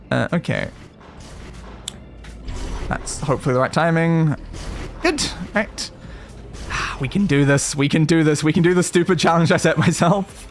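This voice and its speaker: Lively Australian man narrating gameplay. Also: on the high side. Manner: chatty, self-coaching, talks to chat. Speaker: streamer. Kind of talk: casual gameplay commentary.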